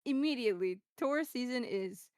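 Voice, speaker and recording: A young American woman chatting as a guest, telling stories in a relaxed, wry way that often drops to soft asides. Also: on the high side, brisk, very noisy. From United States. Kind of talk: casual chat.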